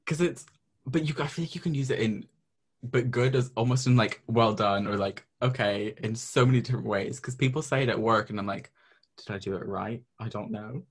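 A man's voice: mid-range voice, brisk, slightly rough. A young man from Scotland whose accent mixes Scottish, American and English, chatting casually as a guest and saying "like" a lot. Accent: mixed Scottish, American and English. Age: young adult. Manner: chatty, says "like" often. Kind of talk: casual chat.

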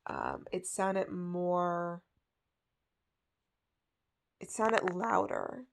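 A woman's voice: on the low side, wildly swooping pitch, extremely slow, vocal fry, background noise. A woman hosting a podcast, telling a story in a casual, chatty way with lots of fillers. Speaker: podcast host.

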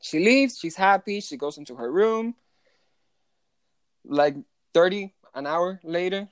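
Animated young storyteller, dry close sound. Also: medium pitch, measured pace, clear, resonant tone, no room sound. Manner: animated, swearing, filler-heavy, slips into Spanish phrases. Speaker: overnight hotel front desk worker. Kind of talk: casual storytime vlog.

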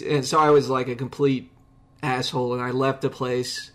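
A man hosting a podcast in casual conversation, rambling and animated, with many restarts. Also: mid-range voice, normal speed. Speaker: podcast host.

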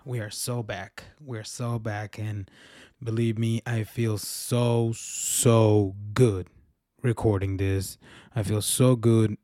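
A man's voice: fairly low pitch, little pitch movement, takes it slowly, dark tone, no room sound. Rambling male podcast host, dry sound. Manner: rambling, self-correcting, laughs at himself. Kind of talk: casual solo podcast chat.

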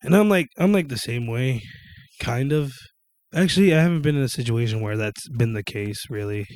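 A young man in casual chat, swearing freely, animated and quick to break into joking impressions. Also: mid-range voice, no room sound.

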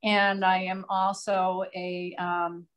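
A woman's voice: lowish voice, level tone, slow, smooth. A middle-aged woman from outside Boston with a light Boston accent, talking earnestly and at length as a podcast guest, with frequent "um"s and restarts. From Massachusetts, US. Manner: earnest, talkative, many fillers and restarts. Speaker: guest, psychic medium and author. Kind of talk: casual interview chat.

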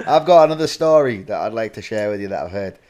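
A man with a fairly low voice hosts a casual podcast. He tells a story, teasing his friends and dropping jokes as he goes. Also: expressive, fast talker, darkish tone, dull audio. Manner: banter-filled, joking storyteller. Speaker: podcast co-host. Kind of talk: casual chat.

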